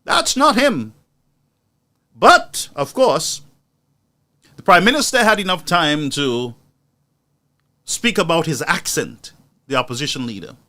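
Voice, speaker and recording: A man's voice: fairly high pitch, lively intonation, slow pace, long pauses, pushed and bright. Indignant male commentator. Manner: indignant, mocking, rhetorical. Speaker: news commentary host. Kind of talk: impassioned political commentary.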